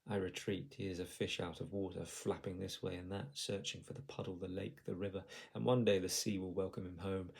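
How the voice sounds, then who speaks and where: Deep gravelly man reading his novel. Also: flat delivery, a little fast, few pauses. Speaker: author. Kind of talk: reading own novel aloud.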